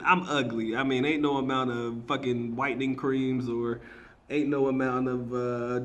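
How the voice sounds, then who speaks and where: A man's voice: mid-range voice, fairly bright tone. A man, a marketing teacher, giving a slangy, casual reaction commentary, emphatic and often laughing.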